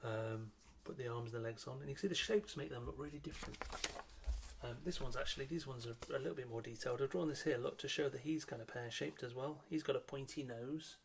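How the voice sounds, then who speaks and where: A middle-aged man, a children's illustrator, chatting in a friendly, unhurried way to children while he draws, with frequent ums. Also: medium pitch, creaky, slight background noise. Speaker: children's author and illustrator leading a drawing workshop.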